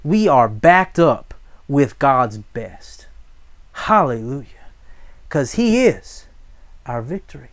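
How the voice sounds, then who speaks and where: A man's voice: mid-range voice, big pitch swings, slow, long pauses. A man preaching a sermon, emphatic and asking the congregation call-and-response questions. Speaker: pastor.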